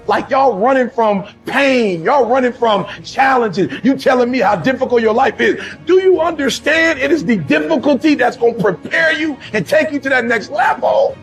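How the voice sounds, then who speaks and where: A man giving an impassioned motivational speech with a preacher-like delivery. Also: extremely high pitch. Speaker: motivational speaker.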